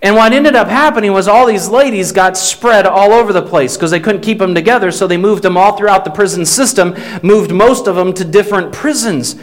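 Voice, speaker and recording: High-voiced man preaching a folksy sermon. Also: a little fast, hardly any pauses. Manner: folksy, animated storytelling with shifting pace. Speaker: pastor. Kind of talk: sermon storytelling.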